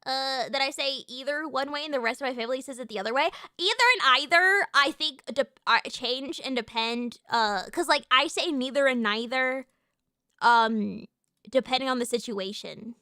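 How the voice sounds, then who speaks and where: A woman's voice: sits high, moderate pace, bright, forceful tone, dry recording, clean studio sound. A woman from the United States chatting on a livestream, ranting and swearing in a playfully indignant way. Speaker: streamer. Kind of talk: casual livestream chat.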